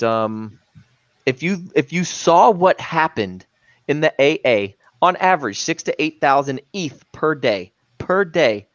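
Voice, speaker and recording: A man's voice: mid-range voice, no room sound, dull audio. A man co-hosting a casual crypto livestream, talking emphatically and saying "man" often. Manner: emphatic, says "man" a lot.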